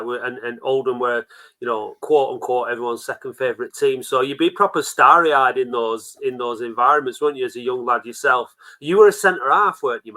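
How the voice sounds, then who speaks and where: Bright-voiced podcast host. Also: male voice, mid-range voice. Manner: chatty, teasing interviewer. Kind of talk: casual chat.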